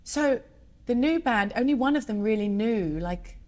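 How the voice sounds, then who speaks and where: A chatty woman in her thirties, talking as a singer in a relaxed interview. Her voice sits a little high, and she tells her stories with lively, laughing energy. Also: moderate pace. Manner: chatty, animated storyteller who laughs often. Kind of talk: casual chat.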